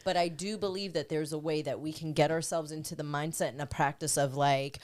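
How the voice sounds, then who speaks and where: Low-voiced woman, candid and sweary. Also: fairly even intonation, a little fast, few pauses, a little mellow. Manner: candid and sweary, earnest about self-growth. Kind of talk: casual podcast chat.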